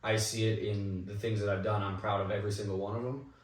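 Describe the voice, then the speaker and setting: A young man with a lowish voice recounts behind-the-scenes stories in a relaxed, animated way. He sits back from the mic in an echoey room. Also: fast talker, recorded from a distance. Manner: animated anecdotal storytelling with quoted asides. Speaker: actor guest. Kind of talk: casual interview storytelling.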